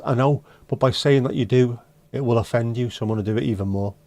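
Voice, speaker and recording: A man's voice: medium pitch, fairly quick, a little mellow, no room sound. Sweary Scouse man on a livestream. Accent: Liverpool (Scouse). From Liverpool, England. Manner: blunt, sweary banter with dry jokes. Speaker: livestream host. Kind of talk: casual chat answering viewer comments. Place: home livestream setup.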